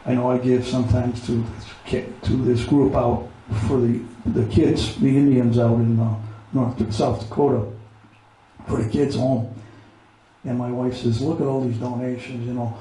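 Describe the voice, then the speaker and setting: A man's voice: medium pitch, flat delivery, unhurried, warm tone, a little hiss or hum. Man from Pennsylvania, rambling veteran storyteller, recorded in a very roomy space. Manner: rambling, repeats words, breaks off to give his dog commands. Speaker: veteran with a service dog. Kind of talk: casual spoken storytelling. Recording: very echoey room, mic far off, faint ambience.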